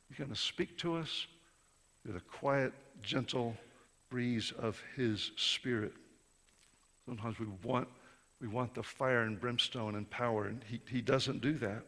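A man preaching a sermon in a conversational way, rising to emphatic peaks and then dropping soft. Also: mid-range voice, unhurried. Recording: reverberant hall.

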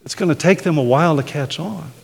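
A man's voice: on the high side, fast talker, creaky, husky. A man preaching a conversational sermon, often tagging his points with "right?". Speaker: pastor. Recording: hall reverb.

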